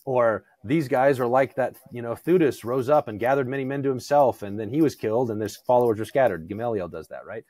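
On a podcast, a male guest talks through theology in a conversational way, animated and often restarting as he acts out quoted voices. His voice is mid-range and a little fast, with hardly any pauses, and the recording is dry.

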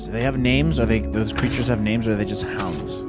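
A man hosting a casual reaction video, chatty and self-mocking with quick asides. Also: on the low side, loud music behind the voice. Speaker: host reacting to a TV episode.

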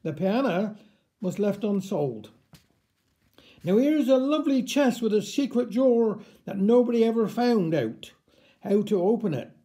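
Male storyteller, dialect story reading, wry and unhurried, mellow tone. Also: high voice, expressive.

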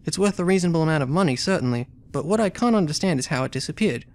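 A man voicing a flustered, agitated young gentleman in a game, complaining as he talks. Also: fairly high pitch, lively intonation, racing, lightly acted. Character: flustered dapper young gentleman, engaged and glum.

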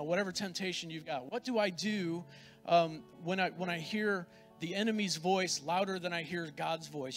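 Fervent preacher man, high-pitched, repeating himself. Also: a bit bright. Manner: fervent, repeats phrases for emphasis. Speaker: pastor. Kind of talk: sermon with prayer.

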